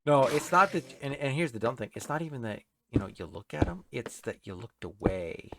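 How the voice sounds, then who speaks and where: A man's voice: mid-range voice, animated, a little fast, gravelly. A man giving casual, rambling commentary while playing a building game, chatting to the creatures on screen. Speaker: game streamer. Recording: loud background noise.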